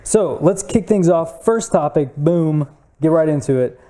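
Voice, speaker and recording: Young male co-host, casual and upbeat, slightly high, dark tone. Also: lively intonation, measured pace. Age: young adult. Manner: upbeat, laughs easily, stumbles over words. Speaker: podcast co-host. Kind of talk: casual chat.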